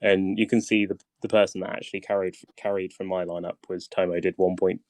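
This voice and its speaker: A man's voice: low voice, flat delivery, a little fast, a little mellow, dry recording. Guy running a voice chat guide, lots of ums, voice wearing out, dry close sound. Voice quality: hesitant, many ums and restarts. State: voice tiring. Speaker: game guide host. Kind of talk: casual voice-chat guide session.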